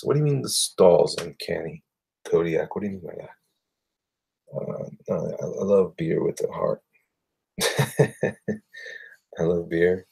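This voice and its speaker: A man's voice: deep voice, measured pace, vocal fry, long pauses, dark tone, husky. A man chatting casually with viewers while drawing on a livestream, rambling and muttering to himself.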